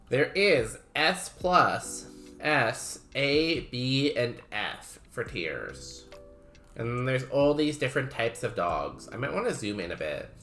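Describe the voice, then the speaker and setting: Male game streamer, casual livestream chat, slow drawl, wry musing, faint music behind. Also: medium pitch, a bit bright. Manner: musing aloud, unhurried, wry.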